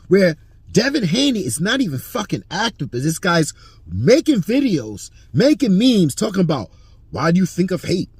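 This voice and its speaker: A man's voice: sits high, husky, dry recording. A man hosting his own boxing channel, ranting hotly and swearing constantly. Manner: heated, profane, ranting. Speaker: boxing commentary channel host. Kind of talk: profane boxing opinion rant.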